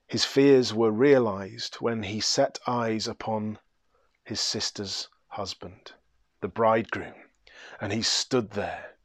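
A man preaching, telling a story dramatically and swinging from hushed to loud. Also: on the low side, no room sound, studio quality. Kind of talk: sermon storytelling.

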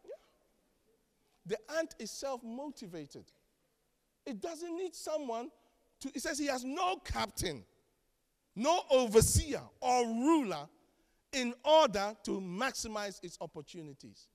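A man preaching a sermon as pastor, animated and joking, acting out the voices of the people he quotes. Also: very high voice, measured pace, big-room sound. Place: church.

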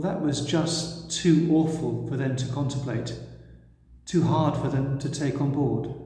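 A man preaching, retelling a story gently and expressively before leading a prayer. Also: on the high side. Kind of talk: sermon storytelling. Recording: echoey church hall.

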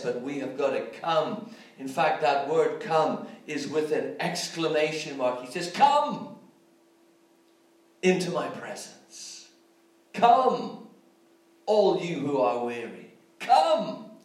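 A man's voice: high-pitched, heavy reverb, distant mic, low-quality recording. A man preaching a sermon with growing fervour, urging his listeners. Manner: fervent preaching, rising to exhortation.

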